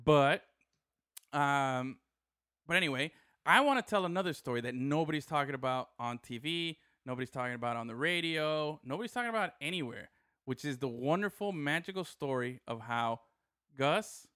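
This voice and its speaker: A man co-hosting a casual sports chat, telling a game story in an animated way and laughing often. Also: fairly high pitch, moderate pace, clean tone, no echo, clean studio sound. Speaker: podcast co-host, sports photographer.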